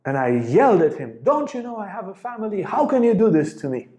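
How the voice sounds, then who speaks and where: A man voicing a sharp, skeptical young man who speaks bluntly and defiantly. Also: mid-range voice, animated, a little slow, close to an everyday voice. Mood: shaken. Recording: echoey room.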